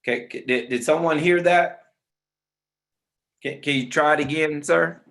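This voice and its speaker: A man's voice: a little high, moderate pace, vocal fry, fairly bright tone. A man teaching a real estate webinar on a video call, informal and friendly, calling listeners man and brother. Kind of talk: online webinar instruction.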